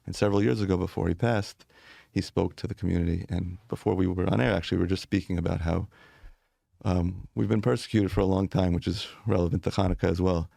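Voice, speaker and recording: A man's voice: low-pitched, fairly even intonation, fast talker, gravelly, warm tone, dry recording, studio quality. A man, a rabbi, telling stories earnestly in a conversational interview, with light laughs.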